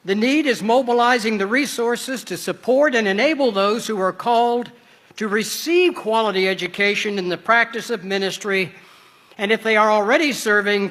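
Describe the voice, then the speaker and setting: An older man from Southern Illinois, a retired pastor, giving a measured conference address with wry storytelling asides. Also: high voice, pushed and bright. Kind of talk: formal conference address with humor. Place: large conference hall. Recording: long reverb of a large conference hall.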